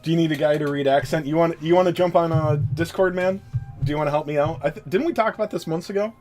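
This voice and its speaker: A man's voice: on the high side, fast talker, a little mellow, soft background music. Sweary, joking male streamer. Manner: swearing, joking, self-deprecating, easily sidetracked. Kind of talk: casual live-stream chat, reading a game story aloud.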